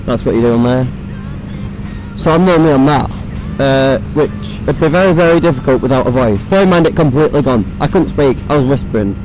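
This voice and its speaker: A young man with a hoarse, croaky voice, chatting casually and swearing while riding a motorbike, recorded on a phone inside his helmet. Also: mid-range voice, brisk, music in the background, poor audio. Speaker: motovlogger. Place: on a motorbike on city roads.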